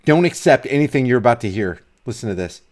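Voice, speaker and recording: A man's voice: mid-range voice, animated, quick pace, a little mellow. A middle-aged man ranting in a commentary vlog, fiery and preachy, hammering his points home through repetition. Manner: fiery, preachy, emphatic, repeats himself. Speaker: vlogger.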